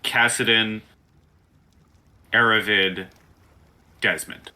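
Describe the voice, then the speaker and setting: A man running a tabletop game as game master, calmly explaining the setup step by step. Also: fairly low pitch, extremely slow.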